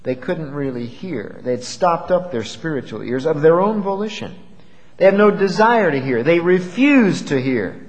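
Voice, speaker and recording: A man's voice: fairly high pitch, expressive, moderate pace. Man preaching in an echoing hall. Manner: expository preaching, repeats words for emphasis. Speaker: pastor. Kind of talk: sermon. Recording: long reverb of a large hall.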